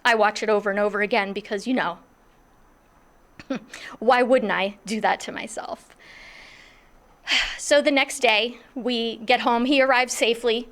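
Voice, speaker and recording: A middle-aged woman telling a personal story in a lively, self-mocking way, acting out what others were thinking. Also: on the high side, a little slow, long pauses. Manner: animated, self-mocking, acts out others' thoughts.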